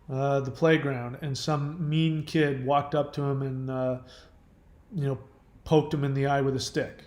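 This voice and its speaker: A man's voice: a little high, darkish tone, echoey room. A man hosting a casual livestream, answering viewer questions earnestly with fillers and restarts.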